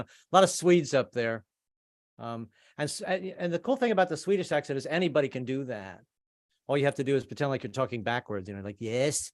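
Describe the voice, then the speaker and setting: A man's voice: medium pitch, dry recording, clean studio sound. A man doing a rambling stand-up set over a video call, stammering and repeating himself between jokes. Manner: rambling, stammering, trades in put-on voices. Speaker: stand-up comedian.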